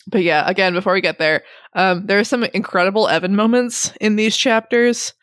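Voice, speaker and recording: A woman's voice: medium pitch, a little fast, fairly bright tone, no echo, studio quality. A woman in casual chat about a book, rambling and laughing often as she retells scenes. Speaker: book podcast co-host.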